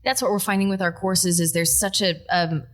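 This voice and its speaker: A woman's voice: medium pitch, steady tone, brisk. A young woman, a wine instructor talking earnestly as a podcast guest, explaining with frequent fillers. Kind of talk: casual podcast interview.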